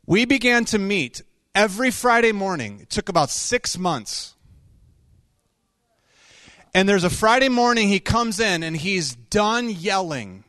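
A male pastor tells stories in a sermon, talking conversationally with quick asides. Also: high voice, no room sound, clean studio sound. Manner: conversational, animated storytelling with quick asides and laughs. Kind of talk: sermon storytelling.

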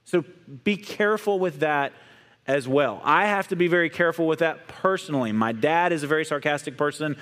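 A man co-hosting a Bible discussion, talking in an earnest, measured way with pauses and fillers. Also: fairly high pitch, a bit bright, big-room sound. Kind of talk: casual discussion.

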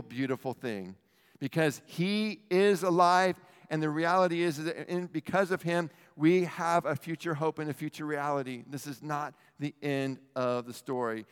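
A middle-aged man preaching a sermon as pastor, animated and talking straight to the congregation. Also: fairly high pitch, clean tone. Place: church hall. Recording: long hall reverb.

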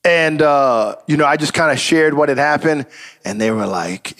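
A man, a pastor, telling a personal story in a relaxed sermon, with casual asides and frequent "praise God.". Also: a little high, normal speed. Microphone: live stream.

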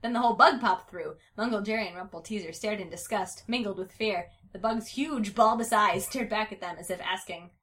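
A woman reading a story aloud in a playful, giggly way, pausing to chat. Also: medium pitch, a bit bright.

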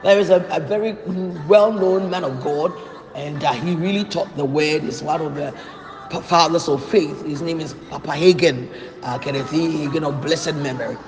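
A man's voice: a little high, normal speed. A man preaching a sermon in a church hall, emphatic and repeating key phrases for stress. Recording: echoey hall with long reverb.

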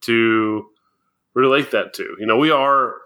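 A man's voice: mid-range voice, a little slow, bright, forceful tone. A man co-hosting a casual podcast chat, explaining things and often laughing as he goes. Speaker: podcast co-host.

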